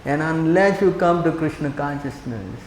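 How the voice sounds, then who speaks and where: A man's voice: a little high, normal speed. Older man preaching in an echoey hall. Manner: animated, acts out quoted speech, fires rhetorical questions. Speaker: monk lecturing on scripture. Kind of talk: sermon with storytelling. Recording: echoey hall with faint background noise.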